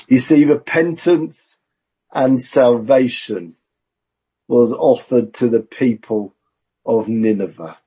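Slow husky preacher. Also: male voice, mid-range voice, warm tone. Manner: slow, measured, conversational with self-aware asides. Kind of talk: sermon. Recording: dull lo-fi recording.

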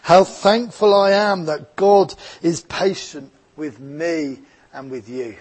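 A man's voice: on the high side, takes it slowly, a little mellow, slightly rough. A man with an Essex English accent preaching a sermon as a pastor, earnest and reflective, mixing scripture with personal stories.

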